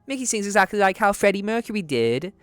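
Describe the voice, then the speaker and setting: A man's voice: high voice, very animated, fast talker, fairly bright tone, dry recording, studio quality, soft background music, pitched above the performer's own voice. A man voicing a brash young Cockney chav woman in an exaggerated, sing-song put-on accent. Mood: mocking.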